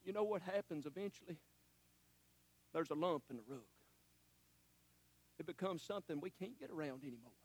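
A male preacher, delivering a sermon that swings from shouts to hushed, emotional asides and calls the listeners honey. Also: fairly high pitch, lively intonation, brisk, pauses often, breathy edge.

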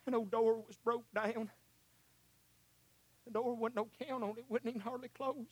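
A male preacher, delivering a sermon that swings from shouts to hushed, emotional asides and calls the listeners honey. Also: very high voice, steady tone, normal speed, breathy edge, no echo.

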